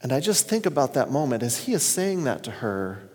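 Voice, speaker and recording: A man's voice: medium pitch, very animated, a little fast, darkish tone. A man preaching a sermon as a pastor, retelling scripture stories in an earnest way. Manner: earnest storytelling, reads scripture aloud. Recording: long reverb of a hall.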